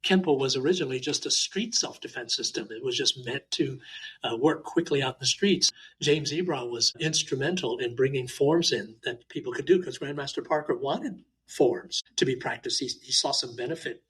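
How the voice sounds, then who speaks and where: A man from Hawaii, a martial arts teacher, chatting in an interview and telling lively anecdotes with frequent uh fillers. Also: mid-range voice, moderate pace, husky, poor audio. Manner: animated, talkative anecdotes with many uh fillers. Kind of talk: casual interview storytelling.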